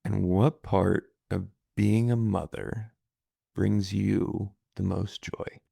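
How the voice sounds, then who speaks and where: Deep gravelly dry-humored man. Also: flat delivery, takes it slowly, mellow, no room sound. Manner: dry, understated, reluctant talker. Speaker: guest interviewer, host's husband. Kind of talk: casual chat.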